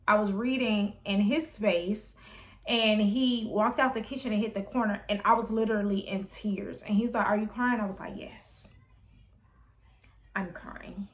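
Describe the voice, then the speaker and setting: A young adult woman chatting about books in a casual review vlog, animated and emphatic. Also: mid-range voice. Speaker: book reviewer.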